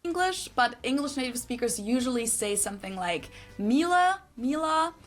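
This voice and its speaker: A woman presenting an explainer that walks through pronunciations clearly. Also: a little high, expressive, soft background music. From Germany. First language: German. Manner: clear, instructive, slowly models pronunciations. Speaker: video presenter. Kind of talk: explainer narration.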